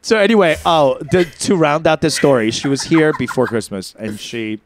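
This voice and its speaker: Thirtysomething guy telling funny stories on a podcast, kinda high voice, bounces all over, campy. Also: moderate pace, a little hiss or hum. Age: 30s. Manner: animated, campy, jumps into high put-on voices for quotes. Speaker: co-host. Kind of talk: casual comedic storytelling.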